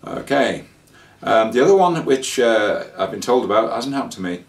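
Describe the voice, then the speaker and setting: A man telling a casual travel anecdote, rambling and halting with fillers and restarts. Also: mid-range voice, expressive, far from the mic. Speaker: traveller sharing scam warnings.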